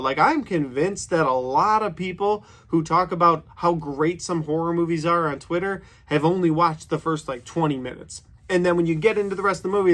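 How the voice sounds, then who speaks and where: A man's voice: on the high side, animated, a little fast, hardly any pauses, fairly bright tone. A man in his thirties giving a casual, opinionated horror movie review, chatty and full of "like". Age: 30s.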